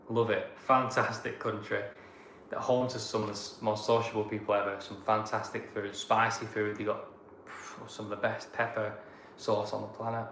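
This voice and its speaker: A man's voice: on the low side, fairly bright tone. A man from Blackburn with a Lancashire accent, a travel vlogger casually reading out and answering viewer comments in a chatty, rambling way. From Blackburn, England. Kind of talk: casual live-chat Q&A. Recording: echoey room with background noise.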